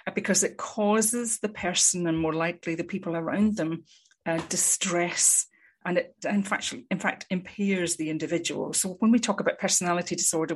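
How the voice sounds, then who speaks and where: A woman, a psychologist, explaining her field in a measured, articulate way with frequent ums. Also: lowish voice, husky. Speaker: psychologist guest. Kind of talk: conversational expert explanation.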